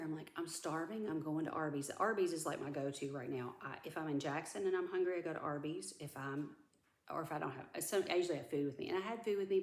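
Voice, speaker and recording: A woman's voice: low voice, darkish tone. Rambling woman vlogger, echoey room. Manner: rambling storyteller who vents and drops to a whisper. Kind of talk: casual chat. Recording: echoey room with background noise.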